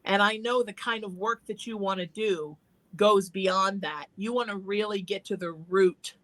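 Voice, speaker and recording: Speaking at a measured pace, she has a mid-range, steady, fairly bright voice. She is a psychic hosting a call-in show, of Irish heritage, and she gives callers sincere, supportive advice as if chatting with them.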